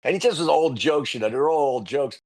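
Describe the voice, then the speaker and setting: A man, a comedian guest telling lively stories on a podcast and acting out other people's loud voices. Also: a little high, brisk. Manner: animated storyteller, acts out loud voices of others. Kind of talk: storytelling podcast interview.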